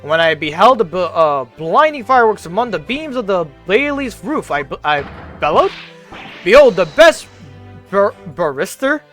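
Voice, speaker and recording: A man voicing a nervous, excitable young student abroad who stammers and gushes in alliterative bursts. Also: high-pitched, moderate pace, soft background music. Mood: effusive.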